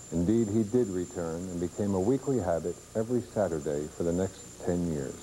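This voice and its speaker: A man giving measured, scripted narration for a tribute documentary. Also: sits low, dark tone, slight background noise, poor audio.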